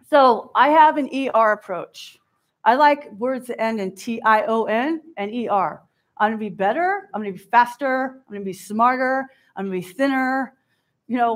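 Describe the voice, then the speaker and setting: A middle-aged woman giving a candid, self-deprecating keynote talk, often acting out what others said to her. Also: on the high side. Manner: candid, self-deprecating, acts out quoted voices. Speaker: keynote speaker.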